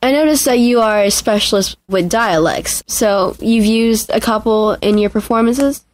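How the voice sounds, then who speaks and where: A woman's voice: a little high, moderate pace, no echo. A woman hosting a podcast interview, asking questions and giving short, encouraging affirmations.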